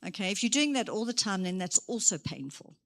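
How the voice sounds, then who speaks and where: A woman giving a motivational career talk to young people, lively and acting out her examples. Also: mid-range voice, fairly quick. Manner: lively, acts out examples, moves around while speaking. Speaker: career day speaker. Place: church hall.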